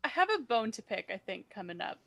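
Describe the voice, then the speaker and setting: A woman with a fairly high voice co-hosts a film podcast. She talks in a wry way and drops dry asides. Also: big pitch swings, a little fast, creaky, fairly bright tone. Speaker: podcast co-host. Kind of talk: casual chat.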